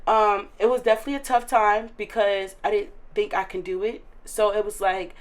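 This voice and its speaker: A woman's voice: medium pitch, fairly even intonation, fairly quick. Earnest eighteen-year-old woman, filler-heavy. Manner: earnest and emotional, many filler likes. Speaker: interview guest, recent high school graduate. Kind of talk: casual interview chat.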